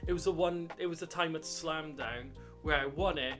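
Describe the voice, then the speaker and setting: A man's voice: fairly high pitch, normal speed, fairly bright tone, soft background music. A man co-hosting a podcast, joking and telling stories in casual chat. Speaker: podcast co-host.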